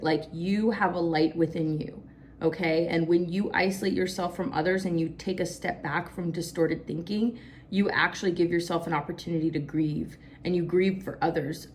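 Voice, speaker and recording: A woman's voice: on the low side, a little hiss or hum. A woman with a Southern US accent giving a collective tarot reading, talking casually and emotionally, with lots of "like" and some cursing. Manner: emotional, casual, says "like" a lot, curses. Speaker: tarot reader.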